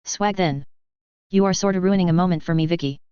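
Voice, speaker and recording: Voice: medium pitch, a little fast, darkish tone, clear, resonant tone, dry recording, dull audio, close to an everyday voice. A narrator doing a whiny teenage boy mercenary. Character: eager, loot-hungry teenage boy mercenary.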